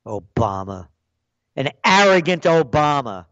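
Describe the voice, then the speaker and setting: A man's voice: medium pitch, expressive, measured pace, long pauses, no room sound. An older man giving an angry, sarcastic political rant as a commentator, punchy and blunt, in a dull, dry recording.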